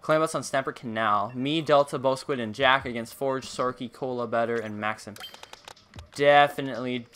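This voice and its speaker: A man streaming a game live, chatting casually with viewers and teammates, excitable and humming along. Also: medium pitch, normal speed. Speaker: gaming streamer.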